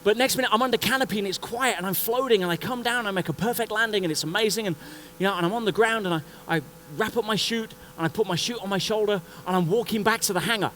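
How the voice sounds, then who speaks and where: A man giving a motivational talk at a conference, telling a story in an animated way and acting out the scenes. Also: high-pitched, fast talker, few pauses, slight background noise, low-quality recording. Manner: animated, acts out scenes and voices. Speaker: conference speaker. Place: conference stage before an audience.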